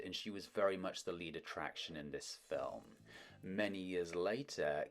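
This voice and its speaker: Brief: low-pitched male host, scripted narration, wry asides. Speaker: host of a film history channel.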